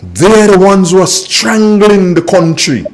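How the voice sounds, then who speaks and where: Emphatic Grenadian man, lively pitch. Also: unhurried, a little hiss or hum. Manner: emphatic, scolding, repeats himself for emphasis. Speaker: radio show host. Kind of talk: political radio talk.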